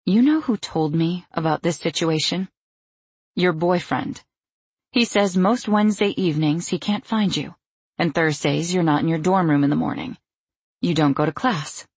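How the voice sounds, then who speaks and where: A woman voicing a stern, protective middle-aged mother who speaks in a brisk, clipped, firm way. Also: fairly low pitch, breathy edge, dry recording.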